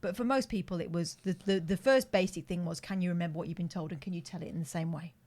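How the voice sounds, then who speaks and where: A woman's voice: lowish voice, quick pace, darkish tone. Earnest woman explaining her teaching. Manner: earnest, explaining, bouncing back at teasing. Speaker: teacher and podcast co-host. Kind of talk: casual chat.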